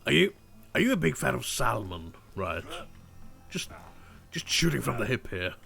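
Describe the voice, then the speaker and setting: Man, co-player, gravelly voice, lively pitch, wry, teasing. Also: moderate pace, faint music behind. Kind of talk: casual chat while gaming.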